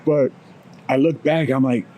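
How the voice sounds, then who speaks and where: An American man co-hosting a podcast, telling a story in a relaxed, profane way, chuckling as he goes. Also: mid-range voice, a little slow, low-quality recording. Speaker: podcast co-host. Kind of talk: casual storytelling chat.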